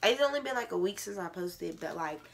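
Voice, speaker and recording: A woman's voice: fairly low pitch, animated, brisk, vocal fry, a little hiss or hum. A teenage girl vlogging a casual advice rant to camera, with a stuffy, congested nose, filling every phrase with "like". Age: teens.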